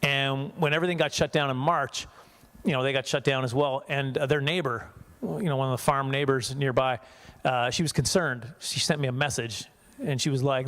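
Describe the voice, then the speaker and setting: A man's voice: on the high side, lively intonation, moderate pace, fairly bright tone. A man from Canada performing a stand-up comedy set in a church hall for a small audience, chatty and self-mocking, slipping into voices for characters.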